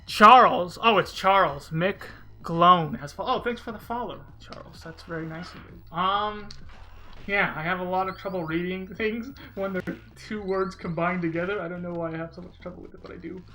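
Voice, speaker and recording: A man's voice: sits high, fairly even intonation, fairly quick, bright, forceful tone, faint music behind, low-quality recording. A man streaming a video game and chatting casually, rambling and reading viewers' messages aloud. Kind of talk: casual gameplay commentary.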